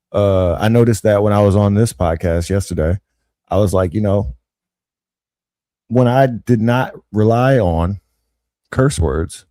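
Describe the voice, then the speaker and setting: Mellow low-voiced host in slangy banter. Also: male voice, no room sound. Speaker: podcast host. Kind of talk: casual chat.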